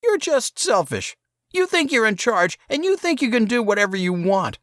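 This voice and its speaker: A man voicing a crying, furious teenage younger brother in an audiobook, with a shrill, tearful voice. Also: big pitch swings, normal speed, a bit bright, dry recording, clean studio sound, heavily acted. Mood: whiny, accusing.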